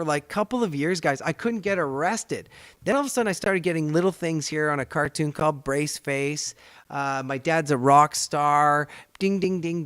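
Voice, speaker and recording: Smooth-voiced, animated Canadian man hosting. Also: on the high side, no echo, studio quality. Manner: animated, rambling, chatty. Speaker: podcast host and voice actor. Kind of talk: casual storytelling chat.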